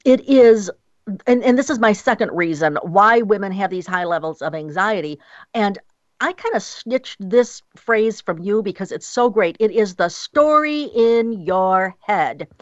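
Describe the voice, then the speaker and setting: A woman's voice: mid-range voice, expressive, measured pace, no room sound, muffled recording. A passionate woman guest in a radio interview, speaking emphatically and acting out quotes.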